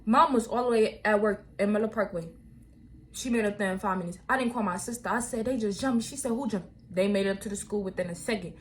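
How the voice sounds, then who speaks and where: A young woman, telling viewers a storytime vlog in animated, slangy talk. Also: medium pitch, fast, slight background noise. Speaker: vlogger.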